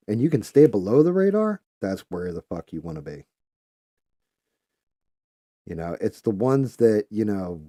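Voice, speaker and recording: A man's voice: mid-range voice, dark tone, no room sound, studio quality. A man hosting a live stream, talking bluntly and profanely in casual chat. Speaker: live show host.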